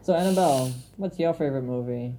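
A woman co-hosting a casual chat about films, who talks in a relaxed, chatty way and laughs easily. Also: a bass voice, quick pace, noisy background. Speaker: podcast co-host.

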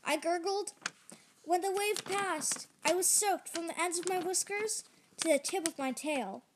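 A woman with a very high, light voice reads a children's chapter book aloud. Her storytelling is lively and expressive, in the manner of a storytime host. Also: a little slow, a little hiss or hum.

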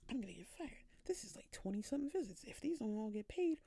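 A woman hosting her own podcast, telling a candid, rambling story and questioning herself out loud. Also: a little high, very animated, fast talker, vocal fry, husky, dry recording. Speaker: podcast host. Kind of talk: casual solo storytelling.

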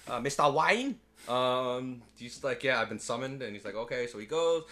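A podcast co-host recaps a movie with his partner at a moderate pace, animated and swearing freely while slipping into squeaky character voices.

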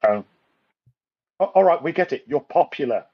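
A man hosting a casual podcast chat, telling animated stories, acting out other drivers and laughing often. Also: fairly high pitch, moderate pace, muffled recording. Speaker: podcast host.

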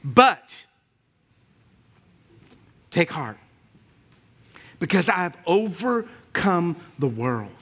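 A middle-aged pastor preaching with rising fervor. His voice sits high and ringing, bright and forceful. He repeats phrases, drives toward shouted peaks, and calls out to the congregation. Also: big pitch swings, drawn-out words, long pauses, husky. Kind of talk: sermon.

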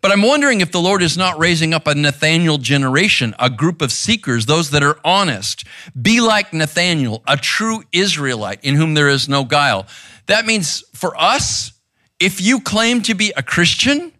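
A man's voice: on the high side, sharp tone, no echo, clean studio sound. A man preaching a sermon in a conversational, intense way, often checking in with "right?", seated on a stool in a church room. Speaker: pastor.

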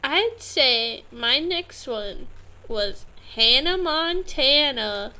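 A woman's voice: high-pitched, expressive, very slow, sharp tone. A young woman co-hosting a casual gaming podcast, upbeat and giggly, full of fillers. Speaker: podcast co-host. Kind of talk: casual chat.

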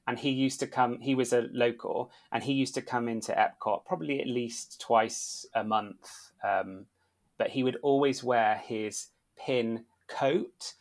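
A man recounts a story in a relaxed podcast chat. His voice sits in an ordinary middle range, and he livens things up by acting out the people in his tales. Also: medium pitch, unhurried. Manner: animated storyteller, acts out quoted voices. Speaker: podcast guest, former theme park worker.

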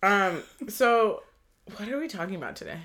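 A woman's voice: medium pitch, lively intonation, moderate pace, a bit bright. A woman in her twenties co-hosting a casual chat, candid and chatty, laughing easily. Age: 20s. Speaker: podcast co-host.

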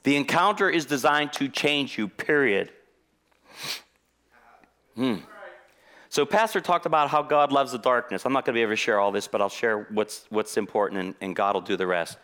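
A man preaching a sermon in a church, telling a personal story in a lively way and acting out the conversations in it. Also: mid-range voice, normal speed. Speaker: guest preacher.

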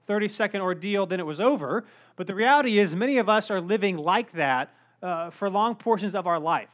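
High-voiced young pastor telling a story. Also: male voice. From North Carolina, USA. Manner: animated storytelling with self-deprecating humor. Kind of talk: sermon.

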